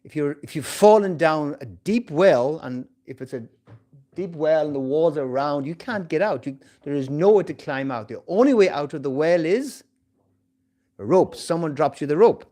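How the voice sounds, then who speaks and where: Animated man giving a temple class. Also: a little high, moderate pace. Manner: storytelling with acted-out voices and laughter. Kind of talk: scripture class talk. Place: temple hall.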